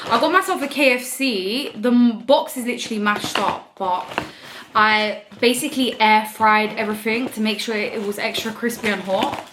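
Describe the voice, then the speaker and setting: A young woman in a casual vlog, chatting as she shows off her food and answers viewer questions, with a relaxed manner and frequent "like". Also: fairly high pitch, normal speed, background noise. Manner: chatty, relaxed, filler "like" often. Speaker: vlogger. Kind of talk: casual mukbang chat.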